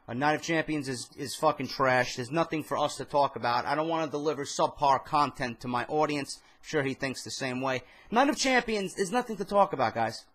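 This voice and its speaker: A man's voice: on the high side, moderate pace. A young man with a New York accent, tired after a few beers, ranting casually and profanely to camera at home late at night about wrestling. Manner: profane, animated, rambling. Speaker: wrestling vlogger. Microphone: camera mic.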